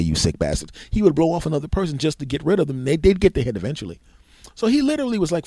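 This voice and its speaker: Male podcast host, lively storyteller, swearing and doing voices, mellow tone, dry close sound. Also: fairly high pitch, dry recording. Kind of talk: solo comedic storytelling podcast.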